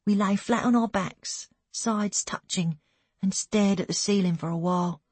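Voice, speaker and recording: Woman, first-person audiobook narrator, steady and breathy, dry close recording. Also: medium pitch, unhurried, no echo. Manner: even, steady storytelling with hushed asides.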